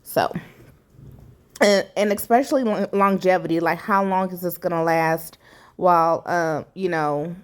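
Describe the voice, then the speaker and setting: A woman's voice: lowish voice, a little slow, clean tone. A middle-aged woman talking candidly through a home repair in a chatty, casual vlog, with many fillers along the way. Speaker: vlogger. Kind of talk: casual DIY vlog narration.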